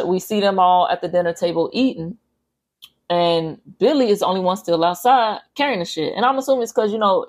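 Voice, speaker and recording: A woman with a slightly low voice hosts a podcast, retelling a film's plot in a loose, chatty way. She talks with lively energy, slang and plenty of swearing. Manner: animated, profane storytelling with slangy asides. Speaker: podcast host. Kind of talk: casual movie recap.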